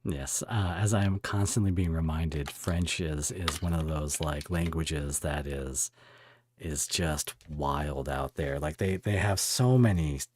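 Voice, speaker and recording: A man hosting a podcast interview, asking questions in a rambling, halting way with many restarts. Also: extremely low pitch, darkish tone. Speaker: podcast host.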